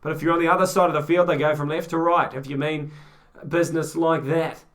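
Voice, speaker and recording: Kiwi guy calling a rugby match for fun, high voice, excitable and jokey. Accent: New Zealand. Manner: excitable, quick, joking. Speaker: fan commentator. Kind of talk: amateur play-by-play rugby commentary.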